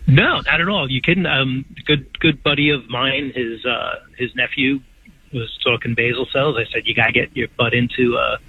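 A man's voice: mid-range voice, normal speed, vocal fry, slightly rough. A man in his sixties, a patient calling in to a show, who talks in a rambling, enthusiastic way and repeats words as he goes. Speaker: patient guest. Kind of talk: casual phone-in chat. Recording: tinny phone line on radio.

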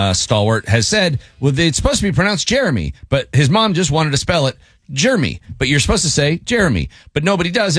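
Man, radio host, playful chat, animated delivery. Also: fairly high pitch, no room sound. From Pittsburgh area. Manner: jokey, playful with pronunciations. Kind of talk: casual chat.

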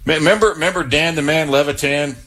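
A man's voice: a little high, fast, a loud crowd. A man hosting a sports call-in show, affable and chatty, often stammering and restarting his sentences. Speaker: sports radio call-in host. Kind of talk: casual call-in chat.

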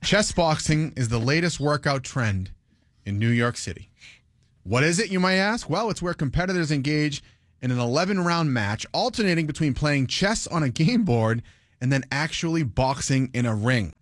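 A man's voice: on the high side, lively intonation, moderate pace, dry recording, clean studio sound. A man hosting a morning radio show, chatting casually and laughing often.

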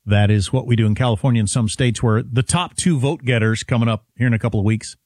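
A man's voice: medium pitch, no room sound, clean studio sound. A man co-hosting a talk radio show, chatting casually and mockingly about politics. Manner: animated, mocking, does quick impressions.

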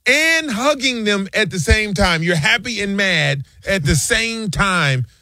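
A man co-hosting a casual sports talk show, telling stories with lively swings in his voice. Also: unhurried, no echo, studio quality. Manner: animated storytelling, lively swings in pitch.

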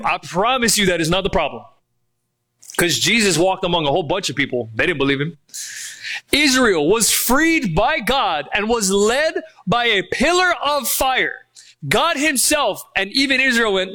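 A man preaching a sermon as pastor, emphatic, asking rhetorical questions and slowing down on key phrases. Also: sits high, animated, sharp tone.

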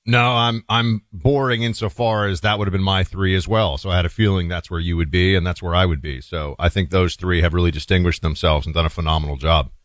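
Radio co-host, man, very low voice, measured and assured, dry studio. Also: fairly even intonation, a bit bright, no room sound. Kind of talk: talk radio commentary.

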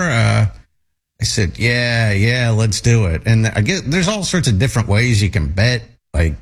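A man's voice: lowish voice, lively intonation, moderate pace. Man telling a rambling story. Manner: rambling, many fillers and restarts. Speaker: storyteller on a talk show. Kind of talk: casual anecdote.

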